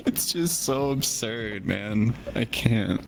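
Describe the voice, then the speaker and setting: A man's voice: mid-range voice, gravelly. A man as an interview guest on a livestream, laid-back, laughing often and rambling through answers.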